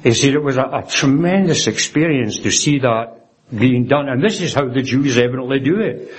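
Earnest male preacher, halting restarts. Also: medium pitch, husky. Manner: earnest, often ends points with "isn't it?" and quotes scripture reverently; stumbles and restarts phrases. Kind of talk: sermon.

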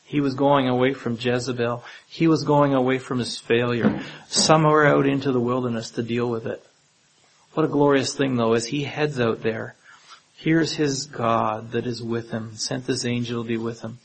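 Flat-voiced male preacher. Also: mid-range voice, moderate pace, rough recording. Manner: conversational preaching, frequent tag questions to the listeners. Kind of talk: sermon.

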